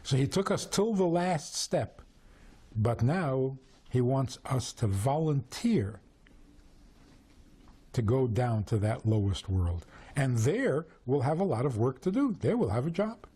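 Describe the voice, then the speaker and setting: A man teaching Torah through storytelling, animated and full of rhetorical questions. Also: mid-range voice, measured pace, slightly rough. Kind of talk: storytelling lesson.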